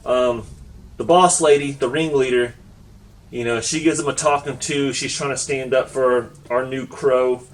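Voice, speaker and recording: A laid-back man talks through a comic review in a loose, chatty way, full of fillers and easy laughs. His voice sits at an ordinary middle pitch. He sounds a little distant from the microphone. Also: fairly even intonation, a little slow. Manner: easygoing, laughs along while retelling. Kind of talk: casual spoken review.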